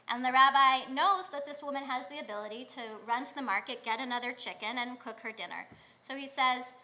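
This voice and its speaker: A woman rabbi delivering a sermon in a synagogue, telling stories in a conversational way with pauses. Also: high voice, bright, forceful tone. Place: synagogue sanctuary.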